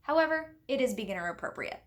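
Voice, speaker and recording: A woman's voice: a little high, lively intonation, fast talker. A woman reviewing a book in a casual vlog, chatty and earnest, explaining things at length with little asides.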